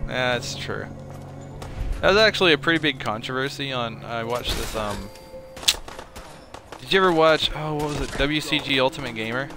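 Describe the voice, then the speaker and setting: A man's voice: mid-range voice, moderate pace, pauses often, music in the background. A man giving casual, rambling commentary while playing a game and chatting. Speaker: gameplay streamer.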